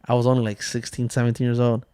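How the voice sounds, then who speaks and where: A man's voice: mid-range voice, monotone, quick pace, mellow, smooth, no echo. A man in his thirties co-hosting a casual podcast, telling stories with loose jokes, swearing and frequent laughs. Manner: loose, joking, swears a lot, laughs often. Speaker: podcast co-host.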